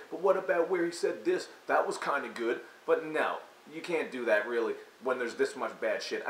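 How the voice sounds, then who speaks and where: Here a man reviewing music delivers a ranting, mocking takedown of an album, crude in tone and punctuated by exaggerated impressions. His voice is medium-pitched and a bit bright, and faint hiss hangs over the echoey room.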